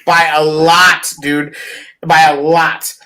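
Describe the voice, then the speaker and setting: A man with a high, bright voice, co-hosting a casual sports show. He tells stories in an excited, profane, animated rush and swears freely. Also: takes it slowly, poor audio. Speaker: podcast co-host.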